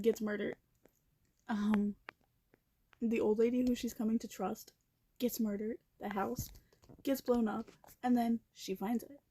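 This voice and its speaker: A young woman casually recapping a movie while she watches it at her computer, blunt and profane, with animated reactions and quiet asides. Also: mid-range voice, gravelly.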